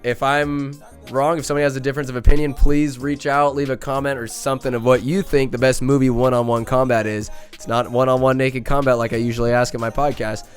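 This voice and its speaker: A man's voice: medium pitch, flat delivery, fast, hardly any pauses, faint music behind. Crude rambling male podcast host. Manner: crude, joking, rambling with many fillers. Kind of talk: casual comic movie recap.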